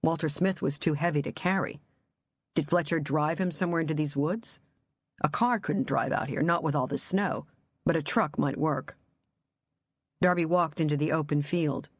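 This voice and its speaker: An audiobook narrator reading a thriller in an even, measured storytelling voice. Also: mid-range voice, dry recording.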